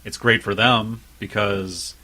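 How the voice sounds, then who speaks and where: A man co-hosting a podcast, trading quick banter and dry jokes in casual chat. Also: on the low side, steady tone, bright, forceful tone. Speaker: podcast co-host.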